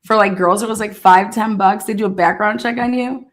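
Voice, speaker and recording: A woman casually telling a profane, animated story, often laughing and acting out what people said. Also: mid-range voice, brisk. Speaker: storyteller recounting past events. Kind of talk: casual anecdote.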